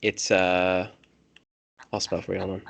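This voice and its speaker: A man acting as game master for a tabletop game, with a fairly low voice. He talks casually, double-checks details and corrects himself mid-sentence. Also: flat delivery, normal speed, gravelly, a bit bright.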